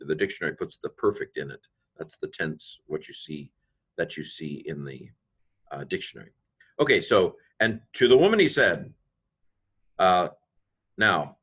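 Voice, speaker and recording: Casual male lecturer, deep voice, rambling with ums, slows for emphasis. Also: a bit bright, breathy edge. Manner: thinks aloud, many fillers and restarts; slows to stress key phrases. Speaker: teacher. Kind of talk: informal grammar lecture.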